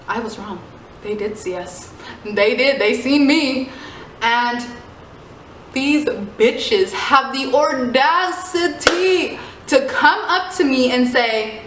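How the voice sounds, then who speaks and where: A young woman telling a story in a casual vlog, animated and swearing, full of "like". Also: high voice, takes it slowly. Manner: animated, swearing, heavy use of "like". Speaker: storyteller vlogger. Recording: echoey room, faint noise.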